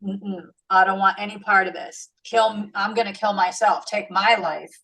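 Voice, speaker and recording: A woman's voice: medium pitch, fairly even intonation, moderate pace, vocal fry, pushed and bright, breathy edge, full character voice, rough recording. A woman voicing an exasperated, sulking male prophet who complains in casual slang, close to her own everyday voice.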